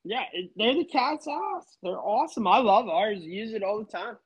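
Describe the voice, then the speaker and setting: High-voiced man telling a story. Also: lively intonation, normal speed, breathy edge, lo-fi sound. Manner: laid-back storyteller, swears freely. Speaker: podcast guest. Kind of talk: casual chat.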